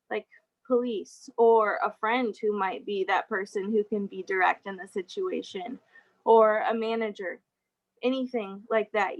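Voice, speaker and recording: This young adult woman has a mid-range voice, heard through dull audio. Giving a relaxed guest talk over a video call, she keeps it conversational, laughing frequently and dropping in fillers.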